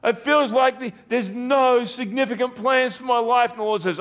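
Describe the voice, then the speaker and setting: A man's voice: very high voice, normal speed, hardly any pauses, a bit bright. A man preaching a sermon as pastor, earnest and repetitive, with rhetorical questions.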